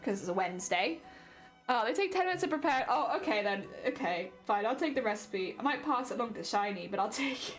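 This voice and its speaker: A woman's voice: a little high, expressive, brisk. Young woman, playful streamer chat, giggly, faint background music. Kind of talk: casual chat with viewers while crafting.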